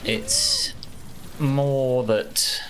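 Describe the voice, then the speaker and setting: A man's voice: medium pitch, huge pitch swings, very slow, fairly bright tone, slight background noise. A man with a mild Yorkshire accent chatting casually while playing a video game, rambling through answers to chat and muttering to himself over the gameplay. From Yorkshire, England. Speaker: gaming streamer.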